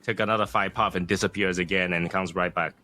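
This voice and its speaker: Bright-voiced man telling animated stories. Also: low voice, quick pace. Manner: animated storytelling, acts out scenes. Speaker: podcast co-host. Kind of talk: casual chat.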